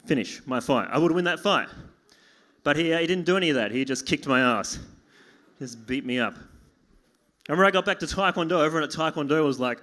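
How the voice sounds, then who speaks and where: A young man with a high, bright, forceful voice does stand-up. He mocks himself and acts out little scenes, jumping into squeaky yelps and frantic begging. He plays it for a live pub crowd. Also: fast talker. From Australia. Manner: self-deprecating, acts out dialogue with sudden yelps and pleading. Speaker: stand-up comedian. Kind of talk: stand-up comedy set. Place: small pub venue with live audience.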